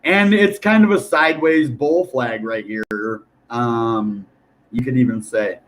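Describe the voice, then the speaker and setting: A young man talking casually to viewers about crypto charts, rambling and animated, often calling them guys and dude. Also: medium pitch, slow pace, a little hiss or hum. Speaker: crypto YouTuber. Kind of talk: casual chart commentary to camera.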